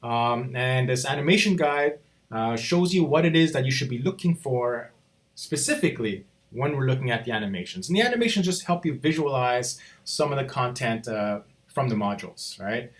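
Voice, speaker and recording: A man teaching a college course in a recorded walkthrough, chatty and relaxed, checking in with "right?" after nearly every point. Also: medium pitch, normal speed. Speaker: college instructor. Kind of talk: recorded screen-walkthrough lecture.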